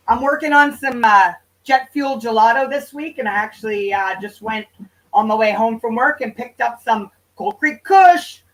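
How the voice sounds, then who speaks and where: Woman streamer, fairly high voice, a little off mic, casual and profane with her viewers. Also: moderate pace, distant mic, low-quality recording. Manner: loose, profane, banters with chat. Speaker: livestream host. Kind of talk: casual livestream chat reading viewer comments.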